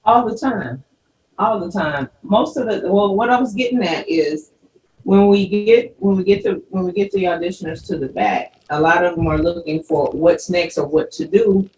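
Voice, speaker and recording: A slightly high-voiced man talks through a casual interview, explaining at length and often restarting his sentences. He sits well back from the mic in a roomy, echoing space. There is a faint hiss behind him. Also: moderate pace, darkish tone, distant mic. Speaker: guest from a film company.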